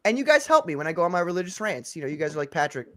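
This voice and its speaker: A man's voice: high-pitched, big pitch swings, very fast, crowd noise. A man hosting a casual livestream chat, joking, laughing often and reading viewer comments aloud. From Maryland. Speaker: host.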